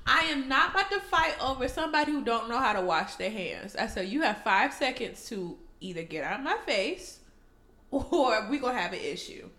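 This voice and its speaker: Woman cohost, high voice all over the place, cussing through a funny story, roomy echo. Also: normal speed. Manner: animated, profane, acts out people in her stories. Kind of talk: casual chat, storytelling.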